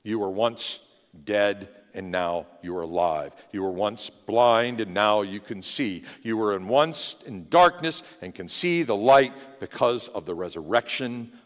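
A man preaching a sermon as pastor, building from a steady teaching tone into loud, impassioned declarations. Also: on the low side, unhurried. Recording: long hall reverb in a church.

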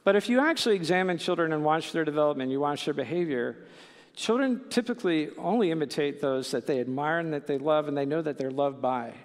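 A man's voice: fairly high pitch, expressive, brisk, in a large hall. A middle-aged man preaching a sermon in a conversational way, full of fillers and "right?" asides. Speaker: pastor.

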